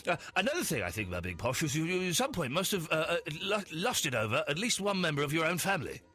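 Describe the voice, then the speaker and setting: A man hosting a comic radio phone-in, bantering in a lively way with mock-posh turns and swearing asides. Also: fairly high pitch, fast talker. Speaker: radio host. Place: radio studio.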